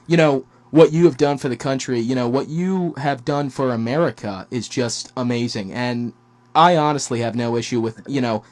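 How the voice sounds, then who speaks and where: A man's voice: mid-range voice, moderate pace. A young man hosting a podcast interview, speaking in an eager, admiring way with many fillers. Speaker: podcast host. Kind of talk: casual interview.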